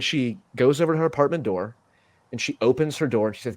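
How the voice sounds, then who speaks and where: A man's voice: mid-range voice, fast talker, no room sound. A young man in his twenties hosting a casual podcast, rambling through a story with many fillers and restarts. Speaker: podcast host.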